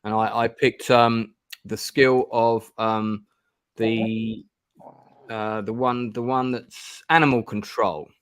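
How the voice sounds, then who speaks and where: A man's voice: lowish voice, flat delivery, slow pace, clean tone, dry recording. Guy, middle-aged, chatty stream host, lots of ums, dry sound. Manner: rambling, many ums and restarts. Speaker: stream host playing a gamebook. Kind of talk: casual chat.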